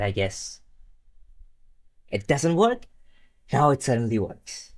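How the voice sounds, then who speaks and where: A young adult streamer talks slowly to themselves while working at the computer, swearing often and sliding into sarcasm. The pitch swings widely, rising and falling from one remark to the next. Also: big pitch swings. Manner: frustrated, profane, sarcastic muttering. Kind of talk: casual livestream commentary while working on a computer.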